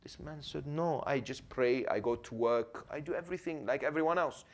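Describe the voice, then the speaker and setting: A man giving a religious lecture in a mosque, telling a story with big swings between soft low asides and loud raised points, often checking in with "Yes?". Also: moderate pace. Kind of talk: sermon. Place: mosque hall.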